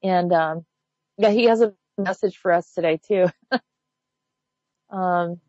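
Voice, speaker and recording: A woman's voice: on the low side, slow, warm tone, no echo. A woman hosting a casual conversation, meandering with fillers. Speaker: host. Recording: dull, dry lo-fi recording.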